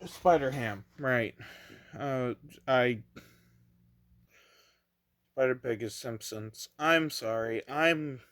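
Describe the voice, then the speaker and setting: Slow, hesitant young man. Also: medium pitch, a bit bright, no room sound. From Canada. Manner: hesitant, rambling, self-deprecating, many fillers. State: tired, recording late at night. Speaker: toy reviewer. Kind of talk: casual review vlog.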